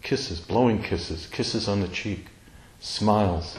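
A man telling a personal family story in a slow, tender, reflective way, pausing often. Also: lowish voice, reverberant, low-quality recording. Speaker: speaker sharing a personal story.

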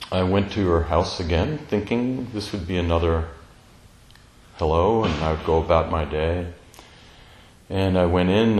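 A man telling a personal family story in a slow, tender, reflective way, pausing often. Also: low voice, a little mellow, roomy sound, poor audio. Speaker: speaker sharing a personal story.

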